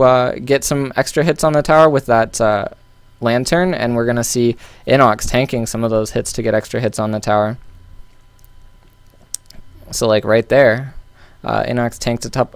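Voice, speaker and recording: A man walks through a recorded match, talking loosely and often restarting his sentences. His voice is smooth and clear at a middle pitch. He sits close to the mic in a dry, dead room. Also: no room sound. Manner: loose and thinking aloud, with many fillers and restarts. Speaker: game analyst. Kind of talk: casual game analysis commentary.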